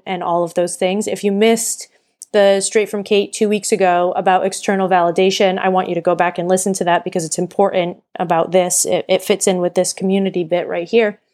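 A woman's voice: mid-range voice, a little mellow. A woman hosting a solo podcast, talking in an earnest, encouraging way and sometimes stopping to correct herself. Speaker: podcast host and burnout coach. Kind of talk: casual solo podcast talk.

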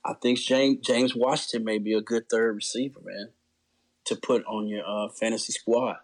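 A man's voice: fairly low pitch, steady tone. A man chatting easily as a guest on a sports podcast. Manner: easygoing, drawn-out, ends lines with "man". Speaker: guest fan. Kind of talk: casual sports podcast chat.

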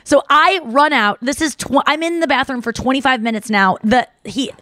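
A woman podcast host telling a story in casual chat, animated and full of fillers, slipping into the voices of the people she describes. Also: high voice, moderate pace, dry recording. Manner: animated, filler-heavy, acts out others' voices.

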